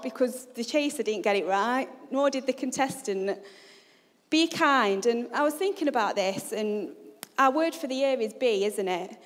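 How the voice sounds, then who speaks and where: A woman preaches with chatty humour and keeps asking her congregation for a show of hands. Her voice sits fairly high. The church hall around her gives a long, ringing reverb. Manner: chatty, humorous, asks the congregation questions. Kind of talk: sermon.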